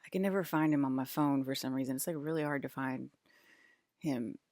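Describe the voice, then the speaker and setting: A woman's voice: rumbling low, fairly quick, a little mellow, no room sound, clean studio sound. A woman with a Southern US accent rambling to camera in a casual vlog, swearing and drifting into paranoid asides. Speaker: vlogger.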